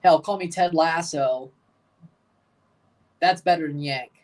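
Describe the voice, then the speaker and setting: A man's voice: on the high side, takes it slowly, a little mellow, far from the mic. A man with a Southern American accent hosting a livestream soccer watchalong, chatting casually in a rambling, folksy, emphatic way. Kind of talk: casual live match reaction.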